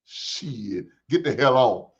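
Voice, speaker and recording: A man's voice: a little high, big pitch swings, moderate pace. A man hosting a show, ranting profanely and preaching at the camera, sometimes taunting in a sing-song voice. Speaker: show host reacting to clips. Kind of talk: casual commentary. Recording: dull lo-fi sound.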